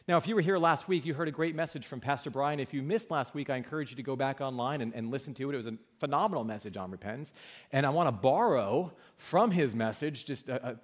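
A male pastor preaching a sermon in a church, emphatic, asking the congregation questions and answering them, dropping to hushed low lines and rising to loud ones.

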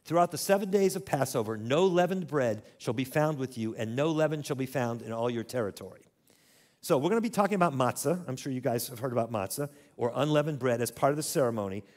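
A man's voice: medium pitch, animated, fast talker, darkish tone. A man teaching a church audience in a conversational way, asking them to repeat words after him. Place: church hall.

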